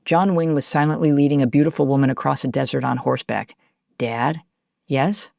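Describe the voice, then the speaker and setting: A woman narrating an audiobook in the first person, telling the story in a lively, confiding way as a young girl. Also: rumbling low, fast talker, creaky, dry recording, studio quality.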